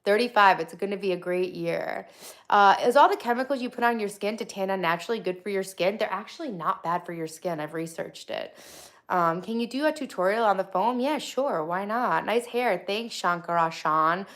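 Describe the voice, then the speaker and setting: A woman in her thirties with a faint, softened Long Island accent hosts a casual livestream from her home studio. She reads viewer comments and answers them in a chatty, quick way. Her talk is full of ums and restarts. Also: mid-range voice. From Long Island, New York. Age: 30s. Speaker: livestream host.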